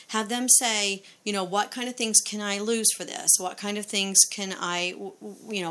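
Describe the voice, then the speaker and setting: A woman's voice: mid-range voice, pushed and bright. A woman giving parenting advice in a casual instructional talk, conversational, with frequent fillers and rhetorical questions.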